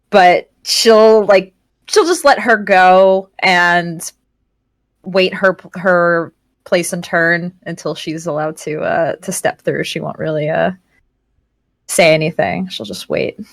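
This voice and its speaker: A woman player describes her character's actions in a slow, hesitant way, full of little fillers. Her voice is lowish and recorded dry and close. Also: no room sound. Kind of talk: tabletop game play.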